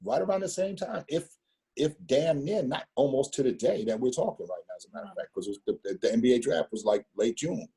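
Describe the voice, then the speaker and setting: Middle-aged storyteller, fifties, husky and dark-toned, loose rambling delivery full of slang and restarts. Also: male voice, mid-range voice, animated, quick pace. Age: 50s. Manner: rambling, repeats words, street slang. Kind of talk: casual storytelling conversation.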